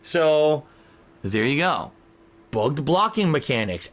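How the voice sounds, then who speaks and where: A man's voice: fairly high pitch, animated, normal speed, sharp tone. A male streamer ranting in indignant, profane commentary to his chat.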